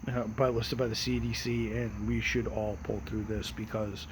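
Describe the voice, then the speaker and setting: An American man hosting his own show, talking outdoors in a relaxed, rambling way with many restarts. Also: on the low side, slight background noise, rough recording. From United States. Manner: rambling and repetitive, frequent restarts; relaxed and unhurried. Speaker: host of his own daily audio show. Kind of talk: casual personal monologue. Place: outdoors at night.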